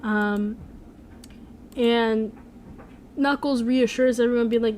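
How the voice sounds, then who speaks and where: This young woman, a streamer and animator, rambles through casual live-stream chatter full of "like" and "um." Her mid-range voice keeps a fairly even intonation at a measured pace, and slight background noise can be heard.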